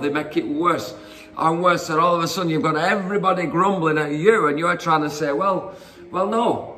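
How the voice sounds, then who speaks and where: A man's voice: a little high, bright, forceful tone, slight background noise. A man preaching an informal sermon, conversational and rambling with fillers and asides as he retells Bible stories.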